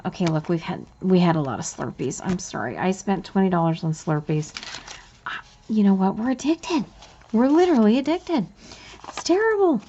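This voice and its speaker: A woman, a bubbly, chatty budgeting vlogger talking through her cash envelopes and getting excited easily. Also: medium pitch, dull audio, a little hiss or hum. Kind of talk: casual cash envelope walkthrough.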